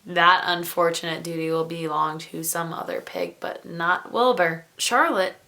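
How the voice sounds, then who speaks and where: A woman's voice: lowish voice, steady tone, measured pace, pushed and bright. A woman who grew up on a farm gives a casual book review for her vlog, chatty and digressive with wry asides. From rural farm upbringing.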